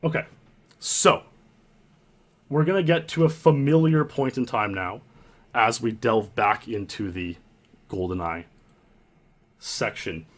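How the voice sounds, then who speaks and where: A young man hosting and narrating his own story in an earnest, halting way, often restarting his sentences. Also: mid-range voice. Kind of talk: reflective storytelling commentary.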